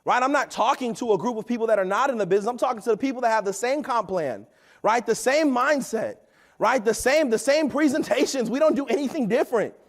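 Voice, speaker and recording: A man in his thirties giving an energetic, preachy motivational talk at a company event, often asking "right?". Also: extremely high pitch, fast talker.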